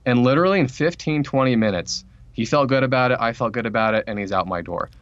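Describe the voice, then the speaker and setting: With a medium-pitched voice, a male author guesting on a podcast rattles through a workplace anecdote in a relaxed interview, performing the quotes with lively energy and speed. The audio is dry and missing its high frequencies.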